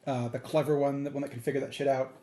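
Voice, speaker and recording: A man co-hosting a casual movie chat, relaxed and chiming in with short replies. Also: medium pitch, fast. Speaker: co-host. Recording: echoey room.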